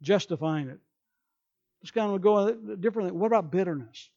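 A man's voice: high voice, animated, brisk, creaky, warm tone, muffled recording. A male pastor preaching a sermon emphatically, acting out people's excuses in quoted voices.

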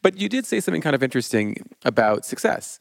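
A man's voice: medium pitch, big pitch swings, fast talker, gravelly, dry recording, studio quality. A man hosting a podcast, friendly and chatty, who thanks his guest and laughs at his own slips. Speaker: podcast host. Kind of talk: casual interview talk.

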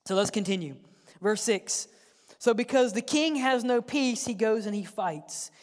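A male pastor delivers a sermon in a church, swinging between loud emphatic calls and hushed near-whispers. He repeats words as he presses each point home. His voice rings through a long, echoing church hall. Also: high-pitched, measured pace.

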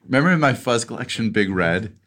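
A man's voice: medium pitch, expressive, fairly quick, fairly bright tone. A middle-aged man hosting a podcast, chatting casually and reading a listener's letter aloud, laughing often and restarting his sentences. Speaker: podcast host.

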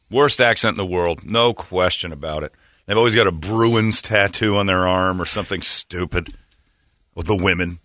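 A man's voice: low voice, moderate pace, a bit bright, no echo. A man hosting a morning radio show, ranting and mocking in casual banter. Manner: brash, mocking, ranting, slips into put-on voices. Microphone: studio microphone. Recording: dry studio sound.

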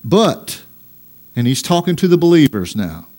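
A man preaching a sermon as pastor, reading scripture aloud and pressing his points with emphatic, drawn-out lines. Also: fairly high pitch, big pitch swings, darkish tone. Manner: reads scripture aloud in old-fashioned wording.

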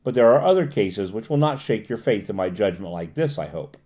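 A man reading the part of a self-assured asylum doctor in an audiobook, measured and formal. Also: on the low side, animated, mellow, natural voice.

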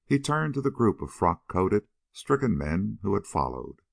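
A man narrates an adventure novel in a steady, expressive reading. His voice is very low and gravelly, with lively swings of pitch. The recording is dry and close, with no room sound. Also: normal speed, no room sound. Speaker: audiobook reader.

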